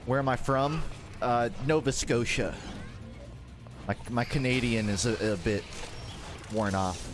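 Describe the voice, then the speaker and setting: A man's voice: medium pitch, normal speed. Man, Midwestern American accent, from Georgia, gaming streamer, casual joking commentary, faint background music. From Georgia, United States. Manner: joking, rambling, self-mocking.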